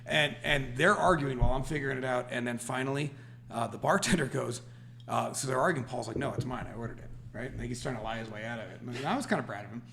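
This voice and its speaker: A man's voice: medium pitch, quick pace, creaky, a little hiss or hum. A man co-hosting a podcast, telling a story in casual chat and laughing as he goes. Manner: animated, laughs through stories. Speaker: podcast co-host.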